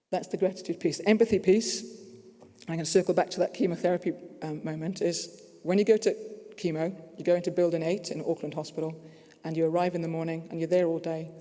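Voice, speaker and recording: A man's voice: a little high, mellow. A man with a New Zealand accent, giving an earnest, story-driven conference talk. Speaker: conference speaker. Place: conference hall. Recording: echoey hall.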